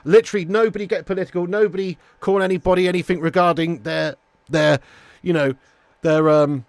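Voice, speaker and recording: High-voiced excitable man streaming. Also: brisk, dry recording. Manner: excitable, swearing, laughing, reading out viewer messages. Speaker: livestream host. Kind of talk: live football watch-along chat.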